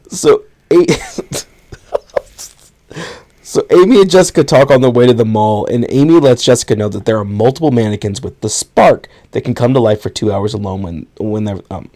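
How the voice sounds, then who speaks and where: A man's voice: on the low side, fast, few pauses, mellow. A man co-hosting a podcast, recapping a film plot in a rambling, casual way, swearing and laughing now and then. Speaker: podcast co-host.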